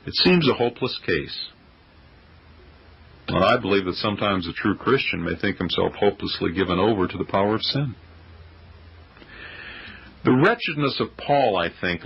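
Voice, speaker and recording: A man reading an old-fashioned sermon in a solemn, declamatory preaching manner, with a gravelly voice. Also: deep voice. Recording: dull lo-fi audio.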